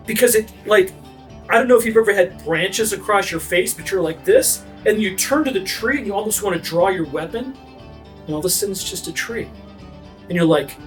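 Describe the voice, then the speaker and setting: A man's voice: sits high, a little fast, faint music behind. A man narrating as game master, describing scenes vividly and immersively.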